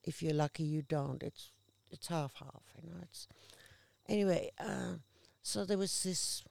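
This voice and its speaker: Woman interview guest, very gravelly, slow and unhurried, slips into other people's voices as she tells stories. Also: on the low side, dry recording, clean studio sound. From Australia. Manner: animated storyteller acting out quoted voices. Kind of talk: casual storytelling conversation.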